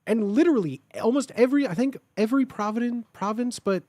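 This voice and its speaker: A young man from the Chicago area, livestreaming and chatting casually with viewers, rambling excitedly with lots of filler words and swearing. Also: very high-pitched, brisk, no echo. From Chicago area, United States.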